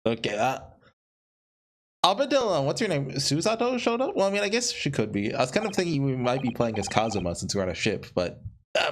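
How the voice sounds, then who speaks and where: A man's voice: mid-range voice, sing-song, fairly quick, slight background noise. A man playing a video game and commenting, rambling and joking as he thinks aloud. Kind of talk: let's-play commentary. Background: game music.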